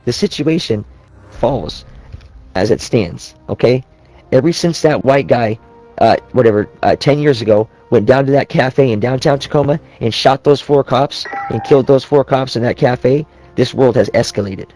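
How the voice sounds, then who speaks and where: A man's voice: medium pitch, moderate pace, dark tone, soft background music, poor audio. Profane rambling man ranting. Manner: profane, rambling, with frequent restarts. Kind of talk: casual rant.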